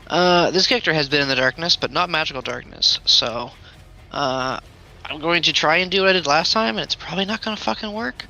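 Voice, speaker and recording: A man's voice: on the high side, fairly quick, creaky, sharp tone, poor audio. A man playing a tabletop game who swears freely and jokes at his own bad rolls. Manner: swears freely, joking and self-mocking. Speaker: player. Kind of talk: casual game chat.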